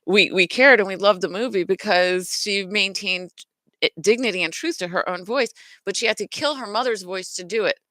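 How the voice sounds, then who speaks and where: In this dry, room-free recording, a middle-aged woman hosts a self-worth lesson with a mid-range voice that sounds pushed and bright. She moves at a moderate pace, teaching casually and earnestly while repeatedly restarting or correcting herself.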